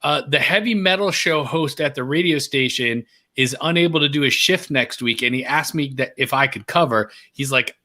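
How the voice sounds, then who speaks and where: A middle-aged man telling a story as a guest in an interview, lively and acting out the voices of the people in it. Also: a little fast. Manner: animated, acts out quoted voices with big pitch jumps.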